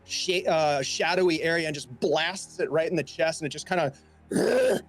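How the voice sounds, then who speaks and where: A man's voice: a little high, fairly even intonation, a little fast, fairly bright tone, soft background music. Rambling man narrating as game master. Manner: rambling, filler-heavy narration.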